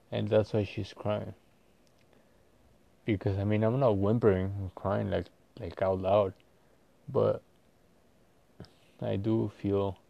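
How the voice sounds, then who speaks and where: A man talking casually in a personal vlog, rambling and halting with many fillers and restarts. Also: lowish voice, gravelly, highs cut off. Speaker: vlogger.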